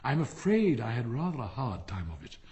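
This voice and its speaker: A man's voice: mid-range voice, very animated, a little fast, dark tone, long reverb tail, natural voice. A man voicing a simple, humble young gardener who speaks meekly and eagerly.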